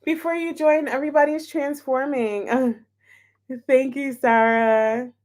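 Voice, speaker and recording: Giggly high-voiced woman chatting live. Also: steady tone, takes it slowly, darkish tone. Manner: giggly, greets chat viewers by name. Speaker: tarot reader hosting a livestream. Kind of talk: casual livestream chat with viewers.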